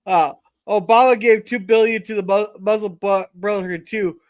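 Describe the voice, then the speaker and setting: A man's voice: high-pitched, steady tone, moderate pace, no room sound. A man from Canada hosting a casual live stream, reading viewer comments aloud and joking with guests. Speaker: host reading chat.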